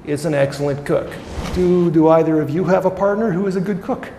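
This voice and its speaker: Male English tutor, high voice, quizzes the class, echoey hall. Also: a little fast, dark tone, a little hiss or hum. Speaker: English teacher. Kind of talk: demonstration language lesson. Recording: echoey hall with faint music.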